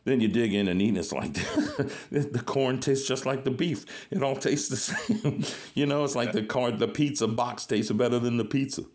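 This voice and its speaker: Here the podcast host's voice sits mid-range with a darkish tone and moderate pace. He tells stories and jokes through the easygoing interview, laughing frequently.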